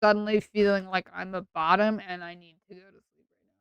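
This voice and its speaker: A woman's voice: mid-range voice, little pitch movement, fairly quick, smooth, no echo, dull audio. A woman streamer chatting casually late at night, sleepy, rambling and playfully teasing her chat.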